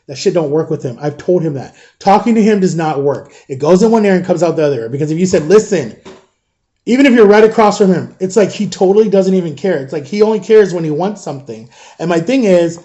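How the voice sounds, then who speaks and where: A man's voice: high voice, expressive, fast, warm tone, lo-fi sound. A man in his thirties telling a long, exasperated storytime vlog about parenting, rambling and swearing casually. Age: 30s. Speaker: father vlogging about parenting.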